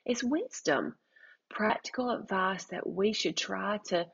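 A woman's voice: medium pitch, unhurried, creaky, fairly bright tone, husky, dull audio. A middle-aged woman hosting a faith-based parenting podcast, telling an earnest, heartfelt testimony with restarts and emphatic rises. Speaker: podcast host.

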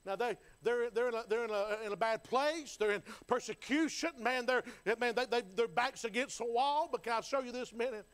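A man's voice: extremely high pitch, fairly quick, hardly any pauses, clean tone. A man preaching a sermon in a folksy, fervent style, building in intensity. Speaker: pastor.

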